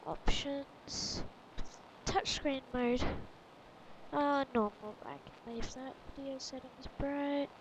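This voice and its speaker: A woman giving gameplay commentary, chattering to herself with sudden excited exclamations. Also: high voice, takes it slowly, noisy background. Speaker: let's play gamer.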